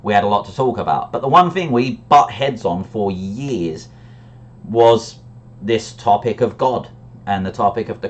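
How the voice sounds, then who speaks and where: A man with a fairly low voice tells his own story in a relaxed monologue. He sounds reflective and candid, and he often repeats words as he restarts a thought. The recording sounds dull and lo-fi. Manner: reflective and candid, with frequent restarts and brief laughs. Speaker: storyteller sharing a personal conversion story.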